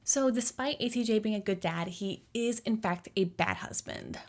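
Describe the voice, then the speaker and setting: A woman's voice: medium pitch, normal speed, a little mellow. Playful young woman recapping a movie. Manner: jokey, slangy, playful asides. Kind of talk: casual movie explainer.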